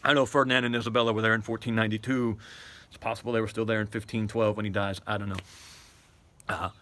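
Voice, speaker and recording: A man's voice: lowish voice, flat delivery, fast, a bit bright, a little hiss or hum. A middle-aged American man giving an unscripted commentary monologue, often stumbling and repeating words, then rising to emphatic statements. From United States.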